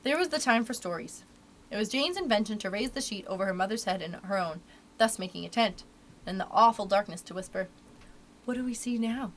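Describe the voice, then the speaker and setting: A woman reading a children's book aloud for a library storytime, with expressive, animated delivery. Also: mid-range voice, fast talker, a little hiss or hum.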